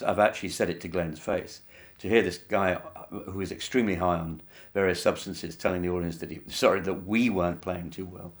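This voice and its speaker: A man recounting a story in a documentary interview, measured and wry, with lots of "uh" fillers. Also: low voice. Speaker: interviewee, musician.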